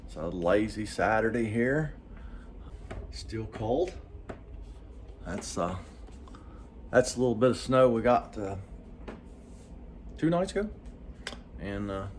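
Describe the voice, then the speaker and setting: A man's voice: mid-range voice, sing-song, measured pace, pauses often, a little mellow, a little hiss or hum. A middle-aged man, talking to his vlog viewers in a folksy, joking way with lots of fillers. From West Virginia. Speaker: vlogger. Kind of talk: casual vlog talk.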